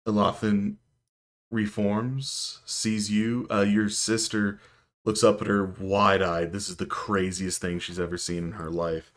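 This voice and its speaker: A man narrating as game master of a tabletop game, in a calm, measured way. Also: lowish voice.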